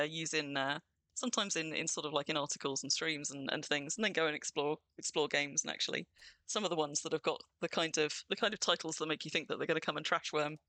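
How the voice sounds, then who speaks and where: A woman's voice: low-pitched, pushed and bright, dry recording. A woman hosting a game livestream, chatting in a bubbly way and greeting her viewers. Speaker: streamer hosting a game stream. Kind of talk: casual livestream chat.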